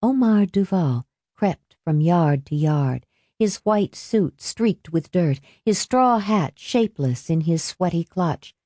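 Warm-voiced woman narrating a novel. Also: fairly low pitch, expressive, takes it slowly, no room sound. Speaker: audiobook narrator. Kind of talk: scripted narration.

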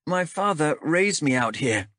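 A man's voice: a little high, expressive, measured pace, fairly bright tone, no echo, clean studio sound, pitched above the performer's own voice. A male narrator voicing a stubborn young woman explorer who speaks earnestly and defensively in a raised voice. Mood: wistful. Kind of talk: audiobook character voice.

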